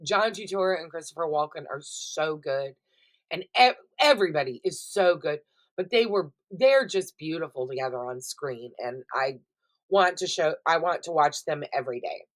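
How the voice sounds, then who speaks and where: A middle-aged woman with a somewhat low-pitched voice runs through her week of viewing in a loose, chatty vlog. She talks right to her audience, swears easily, and keeps things expressive and conversational. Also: moderate pace. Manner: chatty, expressive and profane, addresses viewers directly. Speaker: vlogger reviewing TV shows. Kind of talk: casual chatty recap vlog.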